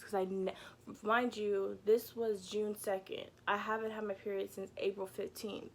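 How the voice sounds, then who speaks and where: A woman's voice: medium pitch, level tone, fairly quick, a little hiss or hum. A young woman vlogger telling a casual storytime from her bedroom, chatty and peppered with "like" and "you know," swearing freely. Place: home bedroom.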